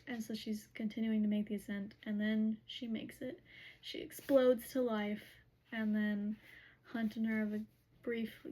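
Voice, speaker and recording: Chatty woman with a breathy voice. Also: fairly high pitch, mellow, rough recording. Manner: chatty retelling with many "like"s, quoting characters. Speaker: book recap host. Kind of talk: casual plot recap.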